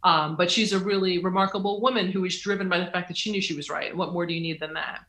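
Bright, lively author telling stories. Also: medium pitch, fast talker, reverberant. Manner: lively, acts out quoted voices, laughs often. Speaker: author, interview guest. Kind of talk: animated storytelling in conversation.

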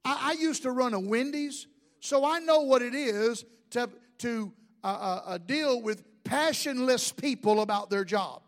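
A man's voice: very high-pitched, measured pace. A man, a pastor, preaching a sermon with jokes and asides to the congregation.

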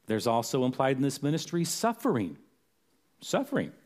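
A man's voice: medium pitch, wildly swooping pitch, normal speed, darkish tone. A man preaching a sermon as a pastor, earnest, repeating phrases for emphasis.

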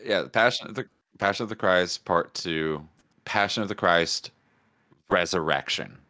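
A man's voice: deep voice, unhurried, pushed and bright. A man co-hosting a podcast in casual comedic chat, joking and riffing on silly bits. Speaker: podcast co-host.

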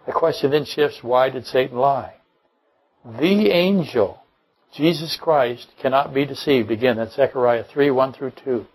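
A man's voice: medium pitch, measured pace, darkish tone, low-quality recording. A man preaching a sermon to his congregation as pastor, emphatic, with rhetorical questions and dry jokes. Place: church.

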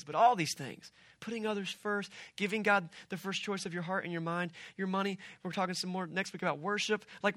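A middle-aged man as pastor, preaching a sermon in an animated, conversational way with personal stories and side remarks. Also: high voice, no echo, studio quality.

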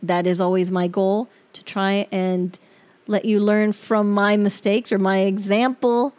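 A middle-aged woman hosting a personal podcast, reading her own journal aloud. She talks in an open, reflective, halting way and gets choked up near tears. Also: mid-range voice, steady tone, a little mellow. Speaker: podcast host.

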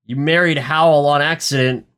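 A man's voice: a little high, steady tone, normal speed, a bit bright, clean tone. A young man casually recapping a movie, rambling and joking crudely with lots of fillers. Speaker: podcast co-host.

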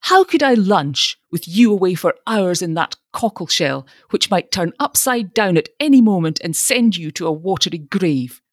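A woman's voice: fairly low pitch, expressive, normal speed, few pauses, no room sound, studio quality. A woman voicing a fretful, absent-minded old father. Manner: querulous, fretful. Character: fussy elderly father, anxious and absent-minded.

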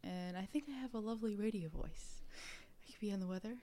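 A woman co-hosts a podcast, chatting casually in a mid-range, dark-toned voice at a quick pace. She rambles, giggles a lot and often laughs at herself.

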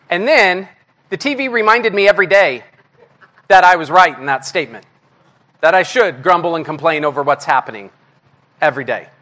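Bright, high-voiced man preaching candidly. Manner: candid, self-deprecating, animated. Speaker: guest preacher. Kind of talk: conversational sermon.

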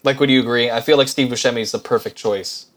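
A podcast co-host chats casually about movies, delivering dry, wry humor and jokes with lots of fillers. His mid-range voice stays steady as he speaks quickly. A slight background noise sits under the recording.

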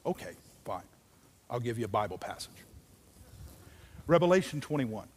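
A man preaching a sermon as a pastor, dramatic, dropping from loud declarations to hushed, near-whispered lines. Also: mid-range voice, sing-song, moderate pace, long pauses, slightly rough. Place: church sanctuary.

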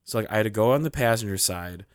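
A young man co-hosting a podcast, telling a story in casual chat, animated and full of "like", acting out what people said. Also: on the low side, quick pace. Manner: animated, acts out quoted lines, heavy use of "like". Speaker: podcast co-host.

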